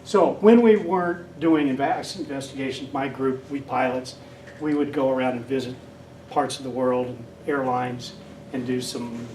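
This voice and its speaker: With a mid-range, darkish voice, an older man lectures casually as a guest, spinning rambling stories and mimicking the voices he quotes. The sound comes from far away in an echoey hall and carries a slight hiss or hum.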